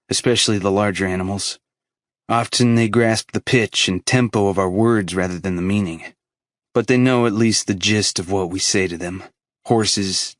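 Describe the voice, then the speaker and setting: Male audiobook narrator with a very low voice and a dry, close sound, for grave, emotional first-person prose. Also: no room sound.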